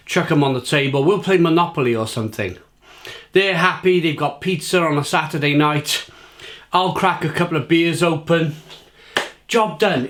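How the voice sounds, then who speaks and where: A British man in his thirties reviews food on camera in a casual chat, eating while he speaks and repeating himself. His voice is on the high side.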